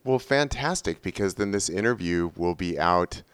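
A man's voice: low-pitched, lively intonation, moderate pace, fairly bright tone, clean tone. A man in his forties hosting a podcast in a chatty, easygoing way. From United States. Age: 40s. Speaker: podcast host. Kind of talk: casual podcast talk.

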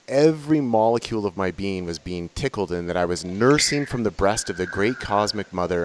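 A man's voice: sits low, expressive, brisk, few pauses, background noise. A man who works as a psychedelic facilitator, earnestly and openly recounting personal experiences in conversation. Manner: earnest, emotionally open recounting.

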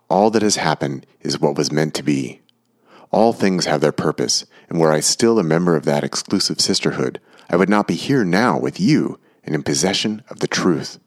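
A man with a very deep voice voicing a fervent, zealous woman artist who failed her training, in an audiobook. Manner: fervent, preaching conviction. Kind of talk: audiobook character reading.

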